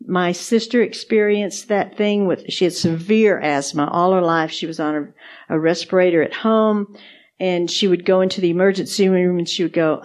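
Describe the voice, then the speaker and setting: A woman's voice: lowish voice, steady tone, moderate pace, darkish tone. Earnest woman telling a faith story. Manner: earnest storytelling, repeats words for emphasis. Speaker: podcast co-host. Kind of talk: casual faith testimony chat.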